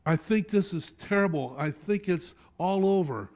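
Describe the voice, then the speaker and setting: A middle-aged male pastor delivering a Sunday sermon, his voice sitting a little high for a man. He preaches animatedly, swinging between loud, pressing appeals and quiet, intimate asides. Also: moderate pace. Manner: animated preaching with sudden soft drops. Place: church sanctuary.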